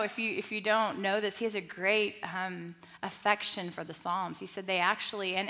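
A middle-aged woman leading a Bible study group, talking in a lively, conversational way with asides and restarts. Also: mid-range voice. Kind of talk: teaching talk to a group.

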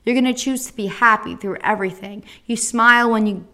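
A woman's voice: on the high side, fairly quick. Blunt young woman podcaster. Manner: blunt, frequent swearing, animated retelling. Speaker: podcast host. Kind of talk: casual storytelling.

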